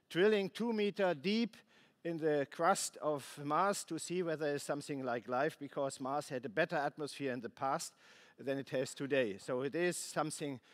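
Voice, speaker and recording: Man, conference keynote, somewhat high voice, halting delivery, frequent restarts, dry asides. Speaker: space agency head giving a keynote. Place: conference plenary hall.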